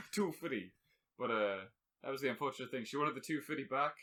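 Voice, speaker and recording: A man's voice: mid-range voice, brisk, pushed and bright. A man co-hosting a casual podcast, rambling and joking, laughing often. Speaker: podcast co-host.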